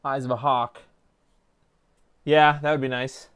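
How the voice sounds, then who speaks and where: A man's voice: medium pitch, flat delivery, measured pace, smooth. Man muttering while he solders. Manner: mutters to himself, thinks aloud while working; quiet and offhand, jokey asides. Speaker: streamer. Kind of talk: casual live-stream commentary while soldering.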